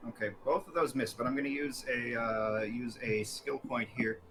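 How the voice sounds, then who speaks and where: A man plays in a tabletop role-playing session, relaxed and answering in short, easy replies. His voice sits at an ordinary middle pitch. Music plays clearly behind him. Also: normal speed. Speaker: player. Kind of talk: casual tabletop game chat.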